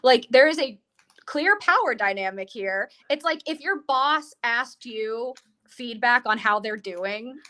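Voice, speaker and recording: A woman's voice: a little high, lively intonation, unhurried, bright, forceful tone. A woman co-hosting a podcast, chatting casually about a film with lots of laughs, acting out characters' lines. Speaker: podcast co-host. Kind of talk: casual film review chat.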